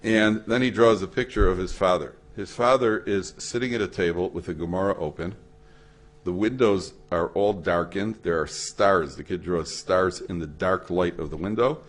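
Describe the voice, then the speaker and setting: A man with a very low voice lectures as a rabbi, telling stories in a chatty way. He jumps higher in pitch to act out the people he quotes. His speech is sprinkled with Hebrew and Yiddish words. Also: moderate pace. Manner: storytelling, acts out quoted voices with big pitch swings; conversational, uses Yiddish and Hebrew terms. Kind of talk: lecture to an audience. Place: hall at a memorial event.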